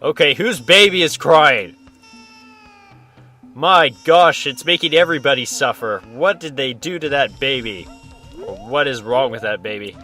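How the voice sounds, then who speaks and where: A man's voice: medium pitch, animated, moderate pace, pushed and bright, faint music behind. A man hosting a casual let's-play, joking around and talking to the characters on screen. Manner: goofy, jokey, talks to the characters on screen. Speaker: gaming channel host.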